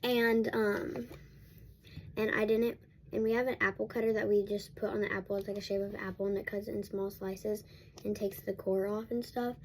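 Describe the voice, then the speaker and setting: A woman's voice: medium pitch, little pitch movement, normal speed, a little hiss or hum. A young woman vlogger telling a casual storytime at home while getting ready, rambling with many restarts and fillers.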